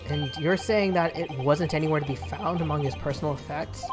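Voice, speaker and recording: Earnest young lawyer, polite and careful, read by a woman, lowish voice, game music behind. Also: fairly quick, close to an everyday voice.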